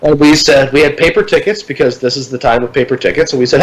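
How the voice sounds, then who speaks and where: A man in casual podcast chat, telling a long story with lively energy, swearing freely and putting on voices for the people in it. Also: mid-range voice, quick pace, few pauses, low-quality recording.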